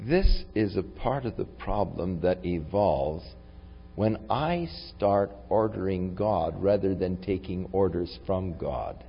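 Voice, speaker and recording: Guy preaching a sermon, gets forceful reading scripture, muffled old recording. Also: low voice, animated, slow, slight background noise. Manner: reflective, rising to forceful when reading scripture. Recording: long hall reverb, dull lo-fi sound.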